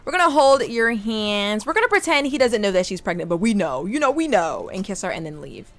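A young woman chatting excitedly through a life-simulation game, talking to her viewers and to the characters on screen. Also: medium pitch, a little fast, faint music behind. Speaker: gaming YouTuber. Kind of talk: casual let's play commentary.

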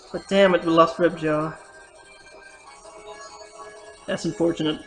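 Slow-talking woman cursing at a game. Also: deep voice, fairly even intonation. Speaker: let's player. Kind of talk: gameplay commentary. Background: faint game music.

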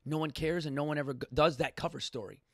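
A man's voice: a little high, fairly even intonation, quick pace, dry recording, studio quality. A man hosting a talk show, ranting in an impassioned, profane way with many restarts. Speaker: podcast host.

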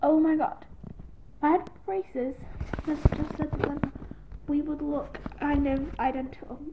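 A woman's voice: sits high, flat delivery, unhurried. A young woman vlogging in a rambling, self-deprecating casual chat to camera, recorded on a tablet. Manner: giggly, self-deprecating, scattered. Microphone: tablet built-in mic. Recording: tinny lo-fi tablet audio with faint hiss.

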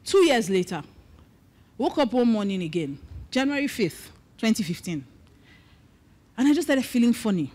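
A middle-aged Nigerian woman pastor giving an animated testimony sermon, mixing in Pidgin asides as she tells her story. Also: fairly high pitch, normal speed, pauses often.

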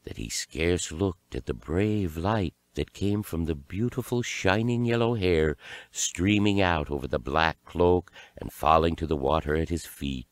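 Very deep, slow male storyteller. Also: dry recording. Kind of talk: fairy tale read-aloud narration.

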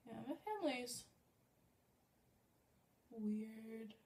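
Young female vlogger, high voice, chatty and self-mocking, talking casually at home. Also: animated, very slow, a little mellow. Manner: rambling, self-deprecating chatter. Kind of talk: casual makeup vlog.

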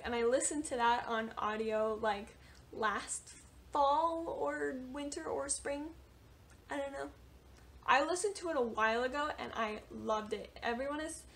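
A young woman in a casual book vlog, chatty and animated, with lots of filler words as she runs through her reading list. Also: on the high side. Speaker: book vlogger. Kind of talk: casual book talk to camera.

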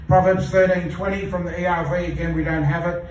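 Male pastor, earnest sermon delivery, high-pitched voice, heard from far off in a very echoey church hall. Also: steady tone, slight background noise. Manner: earnest, repeats phrases for emphasis, slows to read scripture.

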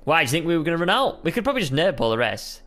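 A man's voice: a little high, big pitch swings, rapid-fire. A young man chatting playfully while co-hosting a Minecraft let's play, often calling his partner mate. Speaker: gaming co-host.

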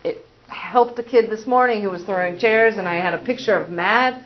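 A woman with a mid-range voice, speaking at a moderate pace, is a school psychologist giving a parent training. She keeps it casual and conversational, using lots of fillers and acting out examples. The recording sounds dull and muffled.

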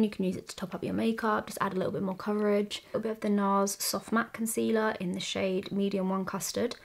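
A woman's voice: mid-range voice, creaky. A young British woman chatting candidly through a makeup tutorial, trading asides and stories as she works. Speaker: beauty vlogger.

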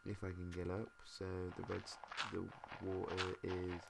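A British man mumbling and thinking out loud, swearing now and then as he plays a game. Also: sits low, monotone, unhurried, gravelly. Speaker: gamer. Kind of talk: casual let's-play commentary. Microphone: desk mic. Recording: noisy home mic with mouse clicks.

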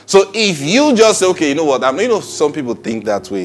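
A man preaching a sermon, emphatic, laughing often and acting out quoted people in a low muttering voice. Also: very animated, moderate pace, faint music behind.

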